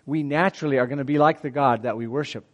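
A man's voice: mid-range voice, quick pace, in a large hall, highs cut off. A middle-aged man preaching a sermon in a conversational way, often asking his listeners questions. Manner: animated, conversational, asks the audience questions.

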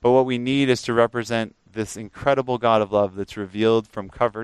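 A man preaching a sermon earnestly, rising to emphatic peaks and dropping to a quiet, prayerful tone. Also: medium pitch, fairly even intonation, a little fast, clean tone, dry recording, low-quality recording.

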